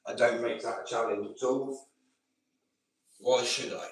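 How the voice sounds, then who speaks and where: A man's voice: medium pitch, steady tone, measured pace. A man with a slight Australian twang, ranting to camera in a profane, combative, rambling monologue. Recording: roomy sound from a distant mic.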